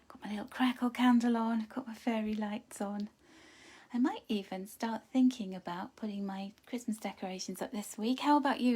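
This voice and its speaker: A woman's voice: mid-range voice, a little mellow. A woman hosting a live card-reading stream from home, chatting casually and greeting viewers with endearments like darling. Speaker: card reader hosting a livestream. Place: home room.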